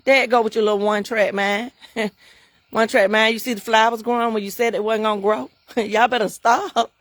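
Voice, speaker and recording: A woman's voice: on the high side, level tone, brisk, dry recording. A middle-aged woman hosting a livestream, preaching in an emphatic, repetitive way and laughing often. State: emotional, near tears. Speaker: livestream host and bookstore owner.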